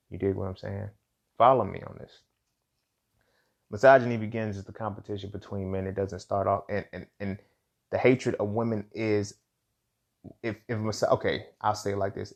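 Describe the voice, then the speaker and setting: A man's voice: lowish voice, creaky, darkish tone. A man hosting a solo talk show, thinking aloud in casual slang, often repeating himself and checking in with the listener. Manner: casual, slangy, frequent "you feel what I'm saying"; repeats words and restarts while thinking aloud. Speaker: podcast host. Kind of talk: solo commentary monologue.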